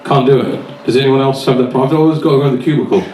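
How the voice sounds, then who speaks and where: A man's voice: mid-range voice, racing, darkish tone. A man doing a stand-up set, chatty and swearing as he acts out little scenes. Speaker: stand-up comedian. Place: comedy club stage with live audience. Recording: echoey venue, distant mic, faint noise.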